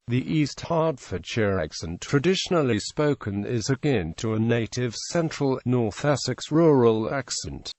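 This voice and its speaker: A man's text-to-speech voice narrating an encyclopedia article in an even, measured reading. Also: mid-range voice, no echo.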